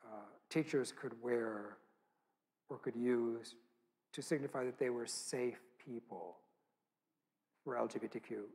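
A man's voice: medium pitch, measured pace, vocal fry, long pauses, a little mellow, breathy edge. A man speaking at a church event, telling an intimate, earnest story with quoted dialogue.

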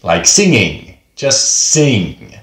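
A man's voice: fairly low pitch, big pitch swings, very slow, a bit bright. A man teaching a beginner pronunciation lesson, speaking patiently and repeating each example word twice. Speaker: language teacher. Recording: echoey room.

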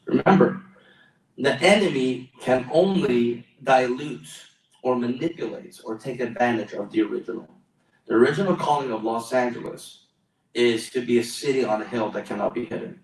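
A man's voice: mid-range voice, normal speed, creaky. A male pastor preaching a sermon in a church hall, exclamatory and calling for responses from the congregation. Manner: exclamatory, calls for audience responses. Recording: roomy echo, mic at a distance.

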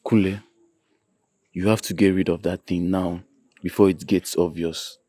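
A man's voice: low voice, steady tone, measured pace, warm tone, slightly rough, no echo. A young man with a Nigerian accent playing a blunt teen boy who earnestly advises his friend.

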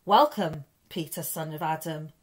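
A woman voicing a noble, solemn male lion king in a storybook reading, speaking slowly and gravely. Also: sits low, pitched below the performer's own voice.

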